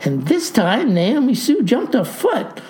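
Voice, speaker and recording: Slow, mellow-voiced woman storyteller. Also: on the high side, huge pitch swings. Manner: wry, addresses the listeners. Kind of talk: told comic tall tale.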